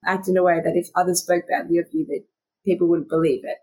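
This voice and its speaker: A woman's voice: lowish voice, level tone, fast, a little mellow, husky. A young woman co-hosting a podcast in casual chat. She talks in a self-mocking way and laughs often. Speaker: podcast co-host.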